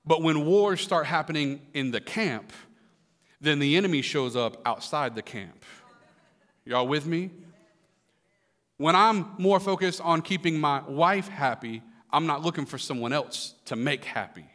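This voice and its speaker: A man with a slightly higher voice preaches a live sermon, easygoing and joking, often turning to the congregation with quick questions. His voice rings out into a church sanctuary with a long trailing reverb. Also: expressive, a bit bright. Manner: conversational preaching with humor and asides to the congregation. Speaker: pastor.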